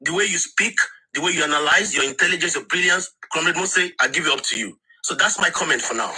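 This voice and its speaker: A man's voice: a little high, quick pace, sharp tone, slightly rough, poor audio. A man speaking on an online discussion panel, emphatic and insistent, often repeating words as he restarts.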